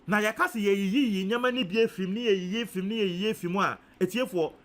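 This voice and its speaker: High-voiced Ghanaian man calculating aloud. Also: very fast. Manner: thinks aloud, repeats figures, mixes in Twi. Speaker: news commentator. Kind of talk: casual commentary, working out sums aloud.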